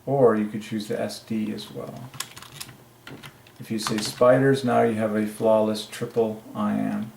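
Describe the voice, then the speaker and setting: A man's voice: lowish voice, little pitch movement, measured pace, creaky, a little mellow, a little hiss or hum. A man alone at his desk, working through letter counts and muttering to himself as he goes. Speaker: channel host. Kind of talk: solo religious word-number study. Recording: echoey room.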